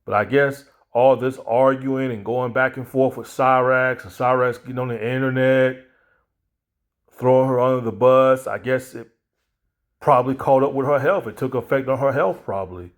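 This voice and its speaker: A man's voice: medium pitch, fairly even intonation, normal speed. Blunt, rambling man commenting. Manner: blunt, rambling, repeats himself; mocking, laughs at his own jokes. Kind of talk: casual commentary vlog.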